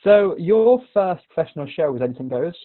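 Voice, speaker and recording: A man's voice: fairly high pitch, expressive, brisk. Male interview host, friendly and upbeat, tinny phone-like sound. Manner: friendly, enthusiastic questioner. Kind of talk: casual interview chat. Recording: tinny phone-like video call audio.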